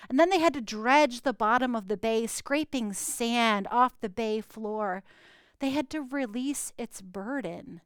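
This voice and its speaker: A middle-aged woman preaching a sermon, with dramatic pauses and quiet, hushed stretches for emphasis. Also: on the high side, clear, resonant tone, no room sound. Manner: dramatic pauses, drops to a near whisper for emphasis. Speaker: pastor.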